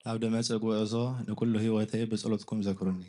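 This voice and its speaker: A man giving a formal thank-you speech at a church, quickly listing priests and family. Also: lowish voice. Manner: rapid, monotone listing of names. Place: church hall.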